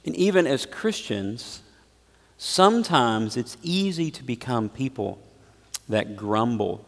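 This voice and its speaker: Gravelly-voiced pastor preaching in a reverberant hall. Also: male voice, mid-range voice, lively intonation, slow pace. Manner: preaching with big swings between loud emphasis and quiet asides. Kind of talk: sermon.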